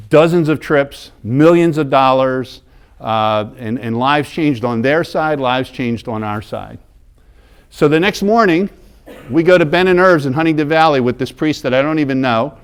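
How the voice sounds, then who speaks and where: A man's voice: a little high, clean tone. A middle-aged American man talks to a parish audience in a church. He tells his story in a loose, conversational way, repeating and restarting words as he goes. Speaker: mission group leader giving a parish talk.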